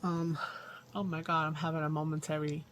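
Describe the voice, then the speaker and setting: A woman with a lowish voice talks through her craft project in a loose, rambling way, thinking out loud as she works with her hands. It's casual vlog chatter from a home craft table, with a faint hum of room noise behind her. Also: level tone, a little fast. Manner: rambling self-talk while working with her hands. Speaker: crafting channel host.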